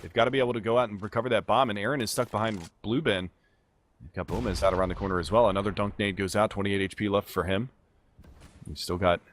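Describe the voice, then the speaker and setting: A man calling a live esports match play by play, fast and excitable as he follows the action. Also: fairly low pitch, a little hiss or hum. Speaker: esports caster.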